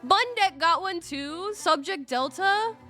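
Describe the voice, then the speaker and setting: A woman's voice: extremely high pitch, animated, takes it slowly, pushed and bright, faint music behind. A young woman chatting casually on a live stream, gushing and a little scattered as she talks to her viewers. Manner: bubbly, gushing and a bit scattered.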